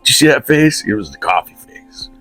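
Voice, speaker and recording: A man's voice: medium pitch, big pitch swings, brisk, a bit bright, breathy edge, dry recording, faint music behind. A man, telling a rambling, self-deprecating comic story in loose country talk. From West Virginia, USA. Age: 50s. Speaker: comedic storyteller.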